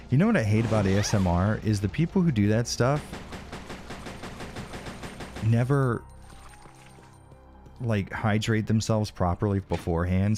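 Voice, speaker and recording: Deep-voiced, foul-mouthed male streamer. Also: gravelly. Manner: frustrated, swears constantly, drops to a whisper in mock rage. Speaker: livestreamer playing a video game. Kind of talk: casual live commentary.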